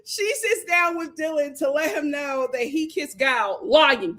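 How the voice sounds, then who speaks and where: A woman hosting a live reality TV recap, dramatic and full of laughter. Her voice sits high and bright and swings widely as she reacts. She often drops into hushed impressions of the people she is talking about. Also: expressive, takes it slowly, few pauses. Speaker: reality show recap host. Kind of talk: animated live recap commentary.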